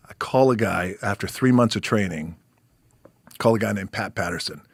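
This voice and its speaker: A man in his fifties with a very deep, gravelly and husky voice spins a long story for a podcast. He swears freely and acts out other people's lines as he goes. The sound is close and dry in a studio mic. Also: moderate pace, dry recording. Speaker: podcast guest. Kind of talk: casual storytelling.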